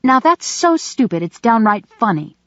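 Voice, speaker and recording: A woman voicing a sharp-tongued, loyal young schoolgirl who scolds in a raised voice. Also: fairly high pitch, sing-song, moderate pace, no echo, dull audio, voice pushed up. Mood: mocking.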